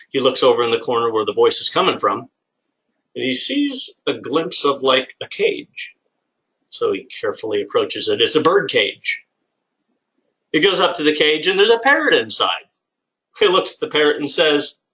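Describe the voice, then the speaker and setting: A service-business owner hosts a live lunchtime webinar presentation in an upbeat, chatty, salesy manner, saying "all right" again and again. His mid-range voice is expressive, bright, and forceful at normal speed, though the audio has its highs cut off.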